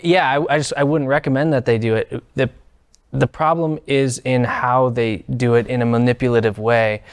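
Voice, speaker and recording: A man speaking as a relaxed, agreeable panel guest in a casual discussion. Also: mid-range voice, normal speed.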